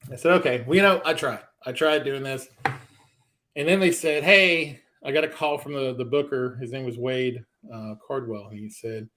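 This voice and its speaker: Animated man telling stories, acting out voices. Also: mid-range voice. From American South. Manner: animated storyteller, acts out quoted voices. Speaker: stand-up comedian guest. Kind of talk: storytelling interview.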